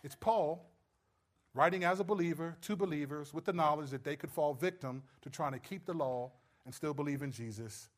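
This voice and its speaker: A man preaching a sermon, stressing points loudly and then dropping to low, quiet asides. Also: moderate pace. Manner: emphatic, swings between loud stresses and low quiet asides. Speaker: pastor.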